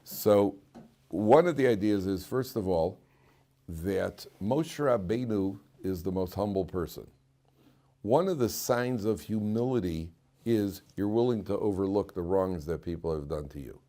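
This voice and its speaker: Low-voiced man teaching a casual Torah class. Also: unhurried, mellow. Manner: conversational, joking, often repeats and restarts words. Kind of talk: informal Torah lecture.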